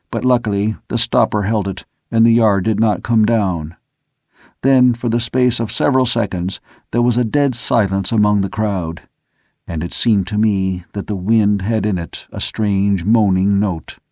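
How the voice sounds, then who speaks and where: A man reading a novel aloud as an audiobook narrator, in a measured, steady storytelling manner. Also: lowish voice, no echo, studio quality. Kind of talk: scripted narration.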